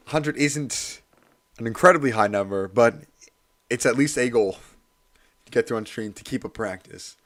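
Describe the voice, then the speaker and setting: Hoarse man chatting on a stream. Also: medium pitch, unhurried, long pauses, fairly bright tone. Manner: chatty, self-deprecating, laughs often. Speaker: livestreamer. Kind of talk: casual study stream chat.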